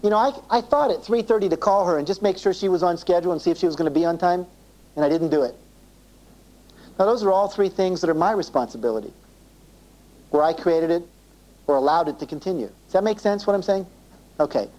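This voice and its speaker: A man's voice: high voice, fast talker, long pauses, darkish tone, rough recording. A man giving a live self-esteem seminar to an audience, acting out little dialogues and asking the room questions, on an old cassette tape. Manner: acts out dialogue in quoted voices, asks the audience questions.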